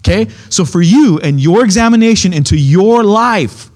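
Emphatic preacher with a higher voice. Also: male voice, animated, moderate pace, darkish tone. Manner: emphatic, keeps checking in with "okay?"; repeats key points, restarts phrases. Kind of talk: conversational Bible teaching.

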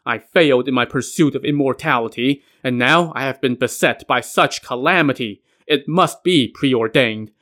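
A man voicing a harsh, cowardly middle-aged general and father who speaks gruffly, in a podcast myth retelling. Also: medium pitch, lively intonation, normal speed, few pauses, natural voice. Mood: despairing. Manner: gruff, then despairing.

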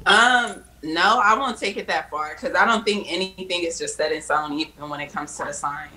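A woman talks as a guest in a relaxed podcast conversation. Her voice is bright and sharp, and she lays out her opinions in a chatty way. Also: on the low side, low-quality recording. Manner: chatty and opinionated, quick to explain her views. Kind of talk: casual chat.

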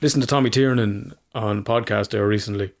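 A man's voice: lowish voice, steady tone, a little fast, creaky. A man co-hosting a podcast, telling stories in casual chat, rambling, swearing freely and laughing often. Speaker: podcast co-host.

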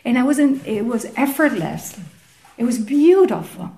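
A woman telling a group about her experiences, animated and searching for words, sometimes out of breath. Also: a little high, a little slow. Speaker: participant sharing experience. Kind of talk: spontaneous personal account.

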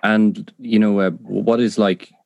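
Deep-voiced guy hosting a podcast, non-native english, lots of ums, dry sound. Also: fairly even intonation, takes it slowly, creaky, darkish tone, dry recording, dull audio. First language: not English. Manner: hesitant, lots of ums, enthusiastic. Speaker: podcast host. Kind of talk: casual interview talk.

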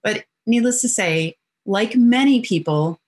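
A middle-aged woman, a guest on an interview, telling personal stories in an animated way and acting out the voices in them. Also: a little high, a little slow. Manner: animated storyteller who acts out quotes.

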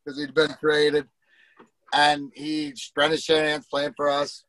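A man's voice: on the high side, completely flat delivery, a little slow, a bit bright, no room sound, rough recording. A middle-aged man, a former hockey player, telling rambling, profane locker-room stories and acting out the quotes. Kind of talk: casual storytelling.

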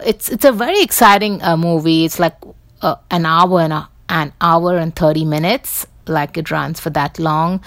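A woman's voice: lowish voice, no echo, studio quality. A woman hosting a casual commentary show, rambling with many fillers and restarts. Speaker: podcast host.

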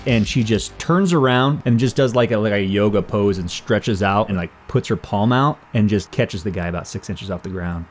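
A man playing in a tabletop game, describing his character's actions in a relaxed, rambling way. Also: on the low side, moderate pace, few pauses. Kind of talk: casual chat.

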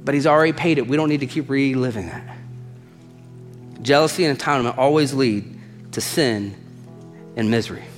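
A man preaching a sermon as pastor, animated and emphatic, repeating lines for stress and acting out the voices in his quotes. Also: mid-range voice, moderate pace, pauses often, long reverb tail, soft background music.

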